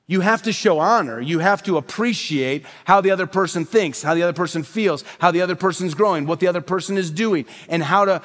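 Pastor guy preaching, kinda high voice, big echoey hall, talks straight to the congregation. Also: a little fast, hardly any pauses, a bit bright. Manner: emphatic, repeats key phrases, direct address to congregation. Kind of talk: sermon. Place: worship center.

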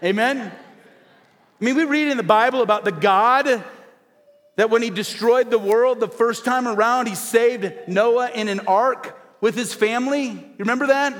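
A man with a fairly high voice preaches to his congregation, building emphatic refrains and calling for responses. His voice rings out with a long reverb from a church sanctuary. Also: unhurried, a bit bright. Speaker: pastor. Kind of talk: sermon. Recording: hall reverb.

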